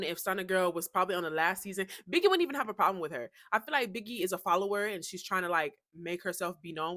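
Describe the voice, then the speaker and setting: A woman with a bright, forceful voice recaps a show in a loose, chatty way, cursing freely as she goes. She puts on the voices of the people she quotes. The recording is dry and close, with no room sound. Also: mid-range voice, no echo. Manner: profane, chatty, acts out quotes. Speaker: reaction channel host. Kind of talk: casual reaction recap.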